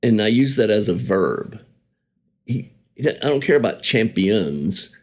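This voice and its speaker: Recalling an old friend, the songwriter tells stories conversationally at a measured pace, his lowish voice swinging widely in pitch. He rambles in a relaxed way, frequently correcting himself and chuckling as he goes.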